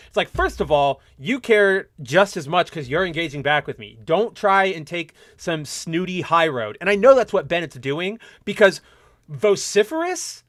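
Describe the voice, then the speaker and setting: A young man with a fairly high voice rants through a casual solo podcast from his home setup, animated and opinionated. The sound is dry and close, with almost no room echo. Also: moderate pace. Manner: animated ranting, mocking quoted voices. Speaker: podcast host.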